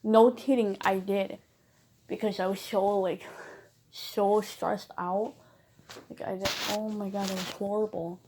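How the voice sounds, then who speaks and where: A woman's voice: medium pitch, steady tone, a little slow, noisy background. A young woman casually telling a rambling personal story in a vlog, chatty and emphatic, with lots of fillers. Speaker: bird owner vlogger.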